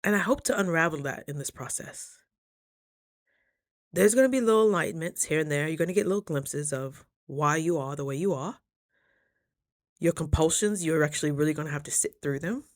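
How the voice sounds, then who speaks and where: A young woman talking casually in a motivational vlog, chatty and animated, jumping high when she quotes people. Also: a little fast. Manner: chews while talking at times. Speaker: vlogger.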